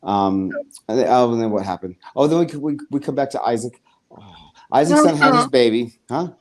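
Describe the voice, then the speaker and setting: An adult man co-hosting a casual podcast at a middle pitch. He rambles through a TV episode recap with animated retelling, profanity and quick acted-out asides. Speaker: podcast co-host.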